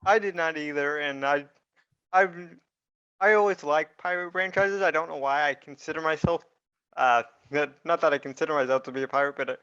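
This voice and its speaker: A smooth, fairly high male voice in casual reaction chat, earnest and a bit rambling. The sound is dull and muffled. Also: fairly even intonation, fairly quick, a bit bright. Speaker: movie reaction co-host.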